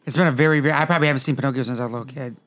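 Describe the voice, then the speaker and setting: A man's voice: medium pitch, steady tone, rapid-fire, a bit bright. A man co-hosting a casual movie podcast, giggly and swearing casually. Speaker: podcast co-host. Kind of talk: casual movie review chat.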